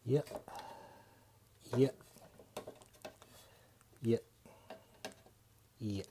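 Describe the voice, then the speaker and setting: A man talking through a workshop repair project, thinking aloud in a hesitant, low-key way with many pauses and fillers. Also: vocal fry, warm tone, slight background noise. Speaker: electronics hobbyist. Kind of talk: workshop voice-over talk.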